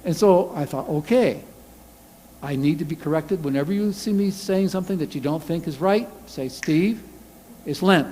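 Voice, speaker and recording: Pastor, male, high voice, lively sermon delivery with loud acted-out quotes, church hall reverb. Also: moderate pace, slight background noise. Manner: animated, acts out angry quotes loudly. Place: church sanctuary.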